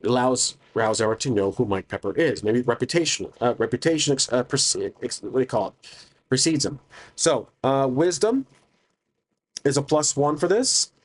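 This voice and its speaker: A man's voice: medium pitch, lively intonation, normal speed. A man narrating a solo tabletop game, thinking aloud hesitantly with many restarts.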